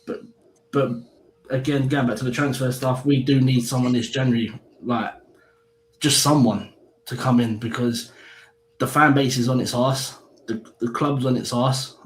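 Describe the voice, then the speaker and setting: A man's voice: medium pitch, steady tone, moderate pace. A man giving blunt, heated opinions on a casual football live stream, swearing freely. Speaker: fan pundit. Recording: echoey room with faint background hiss.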